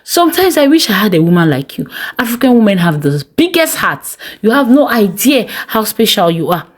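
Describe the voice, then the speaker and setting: A woman voicing a charming, smooth-talking male online suitor who speaks in a warm, relaxed, flattering way. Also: medium pitch, fairly quick, pitched above the performer's own voice.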